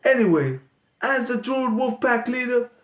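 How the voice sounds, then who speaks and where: High-voiced rambling improv comedian man. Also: measured pace. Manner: rambling, self-mocking, animated. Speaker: comedian and host. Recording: echoey room with background noise.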